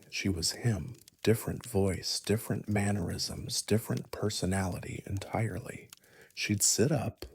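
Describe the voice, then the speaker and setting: A man narrating a scripted first-person horror story in a hushed, often whispery delivery. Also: lowish voice, creaky, husky.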